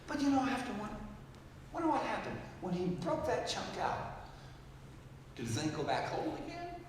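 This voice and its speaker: A man in his seventies preaching a storytelling sermon, swinging from loud exclaiming to hushed quoted words. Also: sits high, huge pitch swings, normal speed, slight background noise. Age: 70s. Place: large church hall. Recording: echoey hall, mic from far off.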